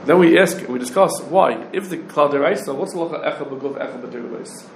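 A man teaching a Talmudic law lecture, firing off rapid questions and rising challenges. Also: on the high side, a little hiss or hum. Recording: roomy echo with faint ambience.

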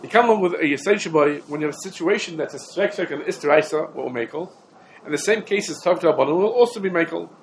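A man teaching a Torah class, talking quickly and emphatically, his explanations dense with Hebrew and Aramaic legal terms. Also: on the high side, lively intonation, slight background noise, poor audio. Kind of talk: rapid halachic lecture.

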